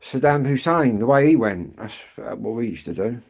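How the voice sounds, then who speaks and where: English guy, live-stream walk-and-talk, rambling and chatty, mid-pitched, keeps clearing his throat. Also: lively intonation, moderate pace, a little mellow. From England. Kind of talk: casual live-stream chat answering viewers. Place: outdoors on an evening street walk.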